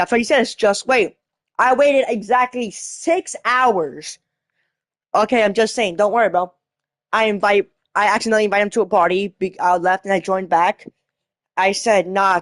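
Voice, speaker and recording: A woman's voice: medium pitch, no echo. Rambling ranting female vlogger, dry sound. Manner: rambling, restarting and swearing while retelling a chat argument. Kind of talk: casual storytelling rant.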